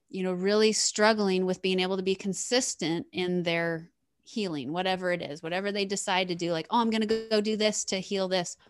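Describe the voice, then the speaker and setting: Low, smooth-voiced woman podcast host. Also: dry recording, clean studio sound. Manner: enthusiastic, earnest, repeats words often. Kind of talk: casual podcast chat.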